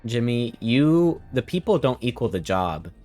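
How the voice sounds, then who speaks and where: A man's voice: medium pitch, big pitch swings, unhurried, a little mellow. A man streaming a story game, chatting casually and arguing with the characters as he reads their lines. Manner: chatty, argues with the characters, reads dialogue aloud. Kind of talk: casual let's-play commentary.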